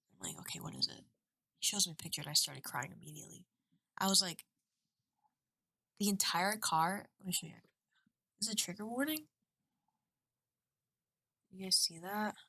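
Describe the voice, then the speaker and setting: A woman's voice: lowish voice, gravelly, bright, forceful tone, breathy edge, dry recording, rough recording. A woman in her twenties talking candidly into a webcam at home, rambling and emotional in a confessional vlog. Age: 20s. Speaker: vlogger.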